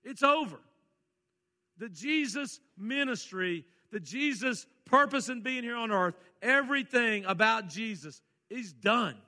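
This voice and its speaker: A man preaching a sermon, folksy, reading scripture and moving between quiet asides and loud, emphatic calls. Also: extremely high pitch, expressive, unhurried, few pauses, in a large hall. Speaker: pastor.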